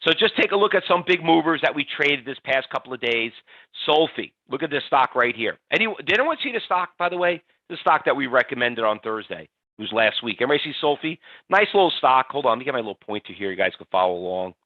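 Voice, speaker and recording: A man hosting a live trading webinar, talking in an energetic, chatty way and reading out audience answers by name. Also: medium pitch, quick pace, dry recording. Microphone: computer mic on a webinar stream. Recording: dull, slightly lo-fi webinar audio, dry.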